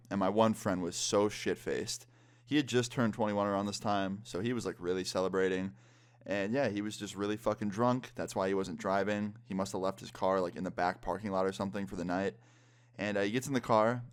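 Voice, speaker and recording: A man in his twenties telling a story-time vlog in a casual way, swearing often. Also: fairly low pitch. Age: 20s. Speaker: vlogger.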